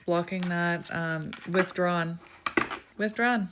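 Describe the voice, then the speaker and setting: A woman doing a casual tarot reading to camera, chatty and thinking aloud as she draws cards, with frequent laughs and bursts of excitement. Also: on the low side, takes it slowly, noisy background. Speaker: tarot reader.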